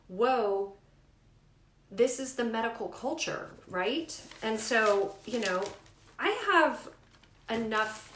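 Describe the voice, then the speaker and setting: Emphatic woman telling her story, echoey room. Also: mid-range voice. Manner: emphatic, animated retellings with rising outbursts. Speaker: mother sharing a family health story. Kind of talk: candid personal storytelling to camera.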